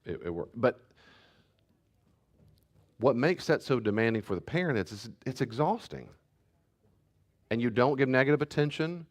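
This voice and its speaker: A man pastor giving a teaching talk and answering questions, telling family stories in an animated way. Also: mid-range voice, normal speed, pauses often. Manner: animated storyteller, acts out family scenes.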